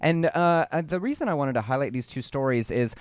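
A young adult man from the American South, co-hosting and giving earnest, measured news commentary. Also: medium pitch, lively intonation, clear, resonant tone. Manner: earnest, measured, fluent argument. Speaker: co-host.

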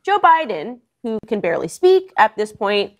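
A woman political commentator delivering a sarcastic, mocking opinion piece in an animated manner. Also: fairly high pitch, moderate pace.

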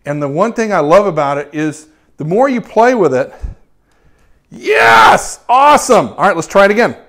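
A cheerful man with a fairly high voice for a man walks viewers through a photography demo as he works. He keeps up a friendly running chatter full of quick praise and is eager to encourage his audience. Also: expressive. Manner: upbeat and chatty, lots of praise words. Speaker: photography teacher hosting a live stream. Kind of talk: live demo, talking while working.

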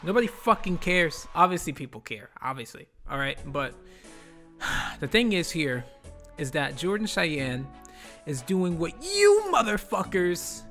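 A man's voice: on the high side, fairly bright tone. Profane, exasperated man ranting over music. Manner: profane, blunt and exasperated, repeats himself. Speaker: YouTube commentator. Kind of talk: ranting commentary vlog.

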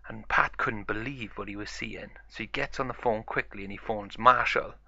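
A man's voice: lowish voice, moderate pace, gravelly, bright, forceful tone, highs cut off. A man improvising a toy play story, narrating it in a chatty, plain way.

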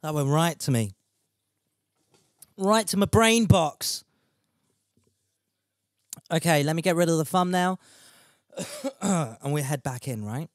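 A young man streams a game while chatting casually, reading out viewer messages, swearing, and laughing at himself. His voice is a little high and animated, but he speaks slowly and pauses often. There's no room sound.

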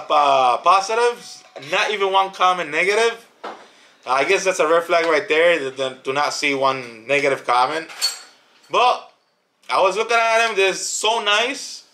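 A man with a fairly high, bright, forceful voice gives a casual product review for a family channel. He talks in an emphatic, animated way and repeats words to drive a point home.

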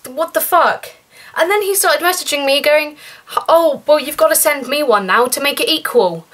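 A woman's voice: moderate pace, a bit bright. Chatty young woman telling a story. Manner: chatty and indignant, rising pitch when outraged. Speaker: vlogger. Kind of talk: story time vlog.

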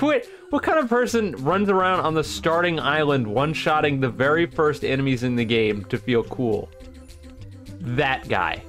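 A man's voice: medium pitch, fairly bright tone. A man giving dry, mocking commentary while playing a video game, muttering asides to himself. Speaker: gaming YouTuber. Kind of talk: sarcastic gameplay commentary.

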